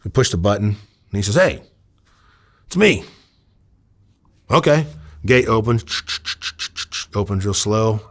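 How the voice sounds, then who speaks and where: A man's voice: on the low side, moderate pace, long pauses, fairly bright tone. A man from Iowa, a former undercover officer, telling stories casually in an interview, rambling with many fillers and acting out quoted dialogue. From Iowa, USA.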